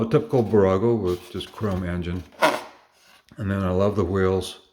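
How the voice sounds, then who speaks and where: A man's voice: low voice, darkish tone. A man casually showing off his collection, enthusiastic and rambling, with lots of fillers and little self-corrections. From Canada. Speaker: collector showing model cars. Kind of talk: casual show-and-tell.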